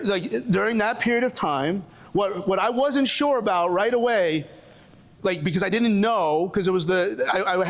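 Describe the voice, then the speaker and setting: A man from Brooklyn with a Brooklyn accent, presenting to a live audience, joking and restarting sentences, calling on people in the room. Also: high-pitched. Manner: joking, with frequent restarts and audience call-outs. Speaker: presenter at a coaching seminar. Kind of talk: animated live seminar talk.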